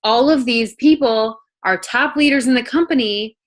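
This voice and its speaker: A young woman co-hosting a motivational team video call, reflecting earnestly and speaking in quick bursts. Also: fairly high pitch. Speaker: team leader and co-host.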